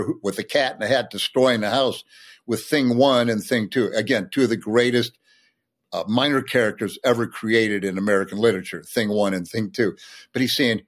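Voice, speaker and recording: A man, a sportswriter and poet, explaining and reciting a poem with enthusiasm in a podcast conversation. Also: medium pitch.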